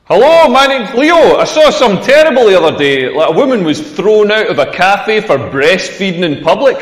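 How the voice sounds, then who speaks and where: A man's voice: sits high, big pitch swings, brisk. A man doing a stand-up comedy set, chatty and crude, working the crowd. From Scotland. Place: comedy club stage. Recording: roomy club hall with long reverb.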